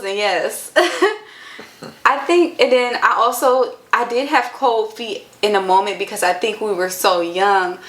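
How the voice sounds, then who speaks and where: A woman's voice: mid-range voice, a bit bright, reverberant. A woman in her twenties chatting to camera in an earnest, chatty way with lots of filler words. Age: 20s. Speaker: vlogger. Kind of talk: casual chat to camera.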